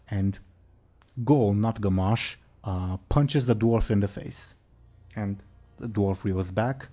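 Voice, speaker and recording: A man narrating as game master of a tabletop game, pausing on fillers as he describes scenes. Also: lowish voice, warm tone.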